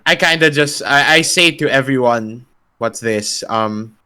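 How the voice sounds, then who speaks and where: A man playing a tabletop role-playing game, speaking in character as a noble and sometimes pausing to search for words. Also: mid-range voice, bright, forceful tone, clean tone. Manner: earnest, searching for words mid-speech. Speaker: player.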